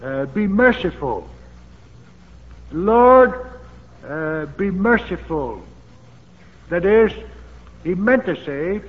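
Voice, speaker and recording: A man's voice: high voice, animated, slow, pauses often. A man preaching a sermon, emphatic and repetitive, with fervent exclamations. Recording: dull old sermon tape in a reverberant hall with faint hiss.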